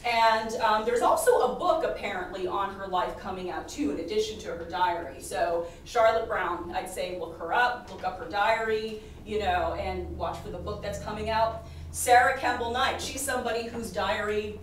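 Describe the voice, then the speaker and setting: A woman's voice: medium pitch, moderate pace. A woman presenting on history to a live audience, chatty with many fillers, laughing often and losing her voice. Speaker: podcast host and presenter. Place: historic house presentation room. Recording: very echoey room, distant mic, faint noise.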